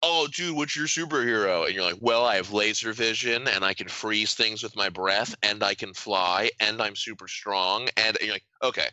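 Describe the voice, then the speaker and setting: A young man co-hosting a podcast in casual banter, rambling and animated, swearing often and laughing a lot. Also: on the low side, normal speed, hardly any pauses, dry recording, poor audio. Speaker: podcast co-host.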